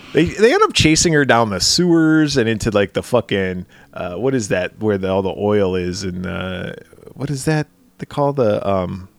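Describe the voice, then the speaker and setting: This podcast co-host has a lowish, gravelly male voice and speaks a little slowly. In casual chat he tells animated stories, acting out the quoted lines.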